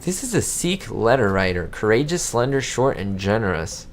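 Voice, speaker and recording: A man giving excitable, easily amazed commentary as he plays a video game. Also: lowish voice, normal speed, slight background noise. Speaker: gamer.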